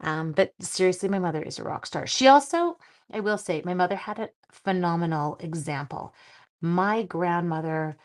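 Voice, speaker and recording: Chatty woman stamping cards live. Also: on the low side. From Canada. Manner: chatty, warm with viewers, thinks aloud while working. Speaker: card-making live streamer. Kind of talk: live craft stream chat.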